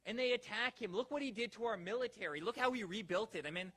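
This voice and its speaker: A man's voice: high-pitched, quick pace, background noise. A man giving a rousing campaign rally speech, firing off repeated rhetorical questions at the crowd. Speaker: political rally speaker.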